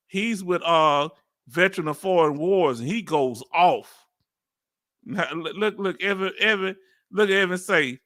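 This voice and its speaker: This is a Southern man doing live commentary on a reaction video. His voice sits high and sounds bright and forceful as he jokes and laughs his way through. The sound is dry, with no room around it. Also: no echo. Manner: animated and playful, laughs often, loose slang.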